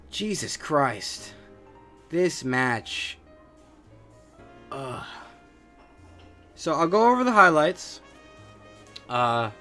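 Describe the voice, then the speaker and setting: A man's voice: a little high, fairly bright tone. A man hosting a wrestling podcast on his own, ranting in a casual, profane and scornful way with lots of fillers. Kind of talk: casual solo rant.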